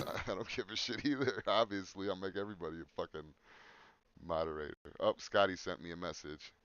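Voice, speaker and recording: A man's voice: deep voice, steady tone, brisk, a bit bright, clean tone, no room sound, highs cut off. A man hosting a podcast in casual chat, joking crudely and swearing. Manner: crude joking, breaks into silly put-on voices. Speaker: podcast host.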